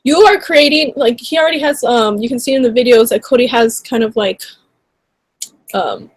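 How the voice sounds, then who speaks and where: Woman YouTuber, higher register, dry close sound; indignant, rambling casual commentary full of fillers. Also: normal speed, dry recording. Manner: indignant, rambling, heavy on "like" and "you know".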